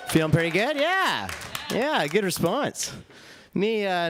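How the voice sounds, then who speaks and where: Young man, dry deadpan stand-up. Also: a little high, normal speed, slight background noise. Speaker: stand-up comedian. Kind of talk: stand-up comedy set. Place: comedy club stage.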